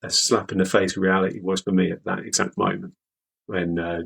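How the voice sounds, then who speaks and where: A man from the UK, a veteran guest, speaking candidly in an interview with halting, repeated words. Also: low voice, flat delivery, vocal fry, a bit bright, breathy edge, rough recording. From United Kingdom.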